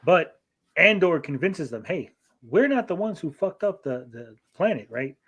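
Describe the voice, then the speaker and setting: A man's voice: a little high, very animated, a bit bright, slightly rough. A man co-hosting a podcast, casually recapping a TV episode in a profane, rambling way and briefly acting out the characters. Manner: profane, rambling, acts out characters in quick asides. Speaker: podcast co-host.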